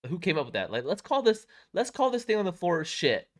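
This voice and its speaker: A young man co-hosting a podcast, chatting casually and breaking into playful loud banter. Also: sits high, wildly swooping pitch, a little fast. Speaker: podcast co-host. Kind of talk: casual chat.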